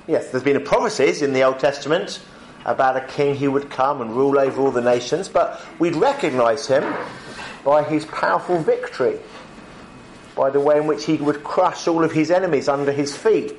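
A man giving a lunchtime Bible talk as a preacher, conversational with frequent ums, slowing down to stress key points. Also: fairly high pitch, slight background noise.

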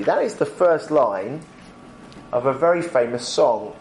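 A man giving a lunchtime Bible talk as a preacher, conversational with frequent ums, slowing down to stress key points. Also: on the high side, big pitch swings, slight background noise.

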